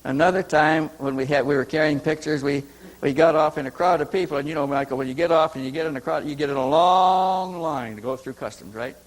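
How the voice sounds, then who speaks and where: In a conference hall, a man shares a long personal anecdote in a rambling way, restarting sentences and repeating words as he goes. His voice is a little high and his delivery brisk, and the recording quality is low.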